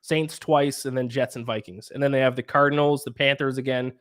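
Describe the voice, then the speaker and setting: A man's voice: medium pitch, steady tone, fairly quick. Canadian man hosting a sports podcast. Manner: analytical, reels off schedules and odds. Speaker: podcast host. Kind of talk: casual sports podcast chat.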